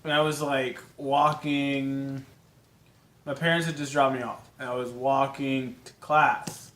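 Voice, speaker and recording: A man's voice: mid-range voice, a little slow, roomy sound. A young man chatting and joking casually with his partner on her vlog. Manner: joking, deadpan teasing. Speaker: partner of the vlogger. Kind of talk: casual couples chat.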